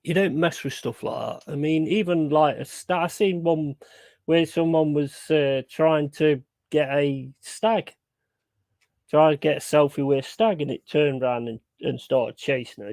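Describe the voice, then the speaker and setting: Young guy, casual streamer chat, gravelly, blunt and sweary. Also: a little high, normal speed, darkish tone, no room sound. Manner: blunt, sweary, emphatic repetition. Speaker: streamer hosting a football watchalong.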